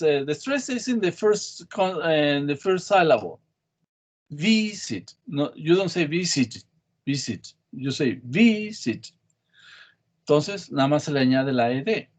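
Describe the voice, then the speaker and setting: A man's voice: a little high, darkish tone. Bilingual man teaching English. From Mexico. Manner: switches between English and Spanish, repeats words to model stress. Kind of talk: classroom lesson.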